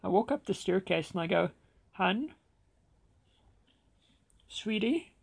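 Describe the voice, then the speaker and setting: Gravelly, husky man telling a story. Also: sits high, quick pace, darkish tone. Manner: dramatic storytelling with acted-out dialogue. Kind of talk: personal anecdote told dramatically.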